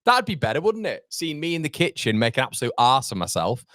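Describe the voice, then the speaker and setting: Thirty-something male host, restless and chatty, mid-pitched, recorded dry and close. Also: fast, dry recording. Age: 30s. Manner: animated, rambling, swings from laughter to exasperated rants. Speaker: fan channel host. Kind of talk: live football watchalong chat.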